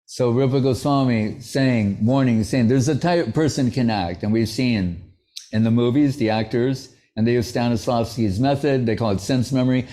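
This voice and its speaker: A man's voice: medium pitch, normal speed, mellow. A man giving a devotional lecture in a conversational, anecdotal way, with playful asides. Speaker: spiritual teacher.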